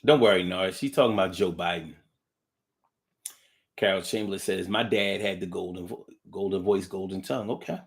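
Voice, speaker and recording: Man musing slowly on a livestream. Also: sits low, gravelly. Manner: reflective and unhurried, drifting, with frequent hums and restarts; blunt, with casual profanity. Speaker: livestream host reading viewer comments. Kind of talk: casual musing monologue.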